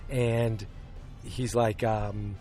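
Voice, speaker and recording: Soft background music plays under this podcast host's extremely slow, warm, low voice, which has little pitch movement. He goes over a film in a loose, halting way, stumbling through ums and restarted sentences and performing the quoted lines.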